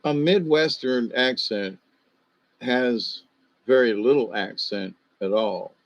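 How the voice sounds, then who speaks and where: A man's voice: medium pitch, takes it slowly, no room sound, lo-fi sound. Older man, slight Southern lilt, rambling. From Ohio, USA. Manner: meandering, hesitant, many fillers. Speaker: livestream host. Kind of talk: rambling casual monologue.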